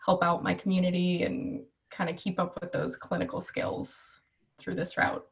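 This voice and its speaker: Eager woman, flat voice, away from mic. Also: on the low side, normal speed, vocal fry, far from the mic. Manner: eager, upbeat. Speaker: nurse, new firefighter student. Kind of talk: self-introduction in an online class. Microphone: video call.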